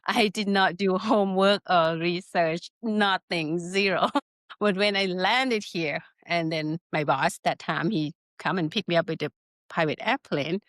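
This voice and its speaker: A middle-aged woman from Northern Thailand with a Thai accent tells her story as a guest, a little low-pitched. Her English is broken but animated, full of quoted self-talk. The close mic sounds dry and intimate. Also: a little slow, dry recording. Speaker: guest, spa business founder. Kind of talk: casual storytelling interview.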